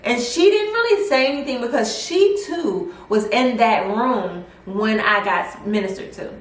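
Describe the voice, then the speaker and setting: A young woman telling a personal story in a casual vlog, chatty and animated with lots of fillers. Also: fairly high pitch, a little slow. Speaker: vlogger. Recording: roomy echo, mic at a distance.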